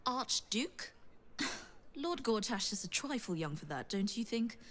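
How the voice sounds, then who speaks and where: A woman's voice: a little high, big pitch swings, measured pace, fairly bright tone, exaggerated voice. An actress voicing a sardonic noblewoman with a dry, scornful delivery in a fantasy game.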